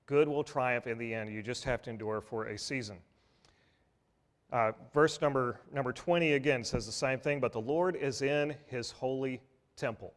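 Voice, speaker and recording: Conversational man preaching a sermon. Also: mid-range voice. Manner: conversational, folksy, with restarts and asides. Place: church.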